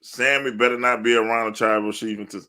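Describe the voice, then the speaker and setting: A man's voice: mid-range voice, fairly even intonation, fast, sharp tone, clear, resonant tone. A man co-hosting a wrestling podcast, talking loosely, cursing and laughing often. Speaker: podcast co-host. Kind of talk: casual wrestling chat.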